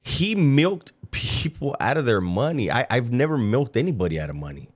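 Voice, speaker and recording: A man with a mid-range voice talks over a clip in a loose, conversational way, his pitch swinging widely as he mocks what he hears. He is dry and sarcastic, spinning anecdotes between jabs. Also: very animated, moderate pace. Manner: sarcastic, mocking storyteller. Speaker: reaction commentator. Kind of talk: reaction commentary.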